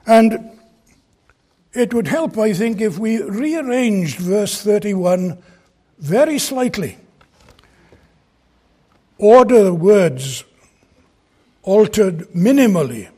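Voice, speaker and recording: A man's voice: high voice, big pitch swings, slow pace, pauses often, dark tone, breathy edge. A man preaching an expository sermon from a pulpit, earnest and emphatic as he explains a Bible passage. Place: church pulpit.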